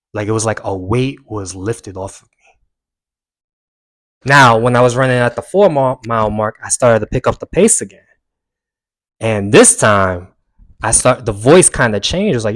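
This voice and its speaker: A young man earnestly recounting a personal story to camera, rising with emphasis and dropping quiet when he reflects. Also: mid-range voice, normal speed, pauses often, dry recording. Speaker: self-help vlogger.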